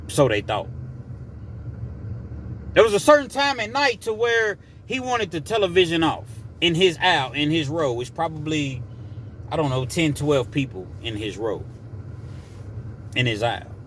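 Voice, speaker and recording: A man spinning a prison yarn in a loose, conversational way, drifting into asides. His voice sits a little high, with a faint hiss of noise in the background. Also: very animated, measured pace, long pauses, fairly bright tone. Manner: conversational, digressive. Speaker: storyteller. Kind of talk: casual prison storytelling.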